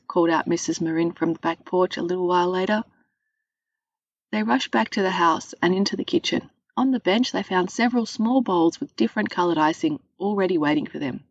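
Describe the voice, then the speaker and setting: A woman narrating a children's storybook in a clear, measured reading voice. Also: fairly low pitch, dry recording. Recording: dry, dull podcast recording.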